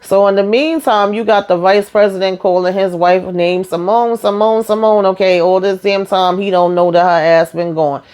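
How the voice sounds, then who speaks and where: A woman's voice: mid-range voice, steady tone, moderate pace, few pauses, a little mellow, smooth. A woman casually recapping a TV episode, chatty and blunt with laughing asides. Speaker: TV recap vlogger.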